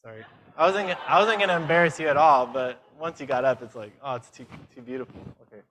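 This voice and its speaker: A man preaching a conference sermon, lively and self-mocking, firing questions at the audience. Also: mid-range voice, fast. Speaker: conference speaker.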